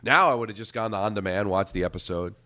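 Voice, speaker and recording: A man's voice: lowish voice, quick pace, bright, forceful tone. A middle-aged man, hosting sports talk radio and rambling, repeating words as he thinks.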